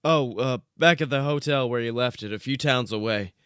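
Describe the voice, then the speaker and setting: A man's voice: mid-range voice, normal speed, a bit bright, clean tone, no room sound, studio quality, lightly acted. A man voicing a small, hotheaded, foul-mouthed male corgi who barks between words. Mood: indignant.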